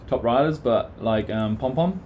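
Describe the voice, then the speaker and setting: A man hosting a relaxed casual chat, asking his guests questions. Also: mid-range voice, normal speed, a little hiss or hum. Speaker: host.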